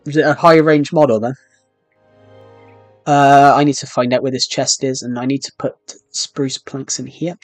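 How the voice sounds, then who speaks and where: A man's voice: medium pitch, fairly even intonation, normal speed, dry recording, soft background music. A young British man chatting casually while streaming a game, rambling with frequent restarts. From United Kingdom. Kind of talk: casual live-stream chat while playing.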